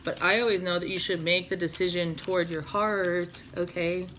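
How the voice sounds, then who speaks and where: A woman's voice: fairly low pitch, steady tone, moderate pace, background noise. A woman doing a casual, chatty tarot reading, laughing often and swearing casually. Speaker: tarot reader.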